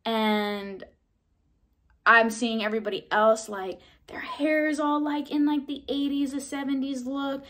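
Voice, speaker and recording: A young woman in her twenties telling a casual vlog story, chatty, full of "like" and mild swearing, jumping into excited high bursts when she replays her own reactions. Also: measured pace. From Southern California. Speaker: vlogger.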